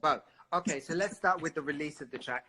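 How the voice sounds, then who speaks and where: Guy, singer, super bright voice, chatty and expressive, keeps repeating himself. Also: on the high side, a little fast, breathy edge. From London. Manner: expressive, repeats words, lots of "you know". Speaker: singer and interview guest. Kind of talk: live interview, candid.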